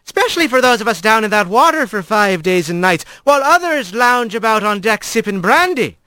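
A man's voice: high-pitched, big pitch swings, a little fast, sharp tone, no room sound, studio quality, voice pushed up, full character voice. A man voicing a big, strong female otter hauler who teases her crewmates in a storybook reading. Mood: teasing. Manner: teasing.

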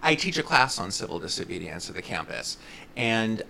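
A man's voice: low voice, big pitch swings, moderate pace, vocal fry, bright, forceful tone, a little hiss or hum, rough recording. A man hosting a radio interview, asking thoughtful, earnest questions in the manner of a teacher.

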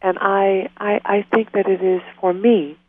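Earnest woman guest, heartfelt, tinny phone-line sound, middle pitch. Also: fairly even intonation, measured pace, no echo. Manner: earnest, heartfelt, prone to tears and laughter. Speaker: guest, author. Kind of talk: emotional interview conversation.

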